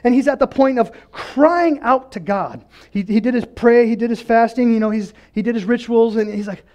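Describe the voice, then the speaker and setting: A man with a high voice preaches a church sermon. He talks quietly at times, then climbs into loud, passionate cries to God, and he often stumbles and repeats words as he restarts a sentence. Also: a little fast, hardly any pauses. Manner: passionate, swings from quiet to shouting. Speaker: pastor.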